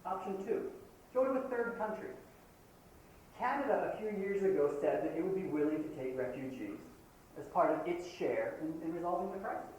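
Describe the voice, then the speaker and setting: A man's voice: high-pitched, lively intonation, moderate pace, darkish tone. A Palestinian man giving an impassioned university lecture, arguing his points and acting out the voices of others. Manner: impassioned, argumentative, quotes opponents in shifting voices. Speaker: guest lecturer. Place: lecture hall. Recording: roomy hall, distant mic, faint hiss, old tape.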